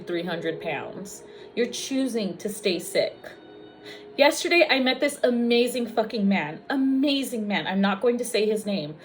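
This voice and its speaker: Woman nurse from the US, venting straight to camera, foul-mouthed, teary, soft music behind. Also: mid-range voice. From United States. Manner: emotional, profane, blunt. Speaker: registered nurse and vlogger. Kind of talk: raw personal vlog monologue.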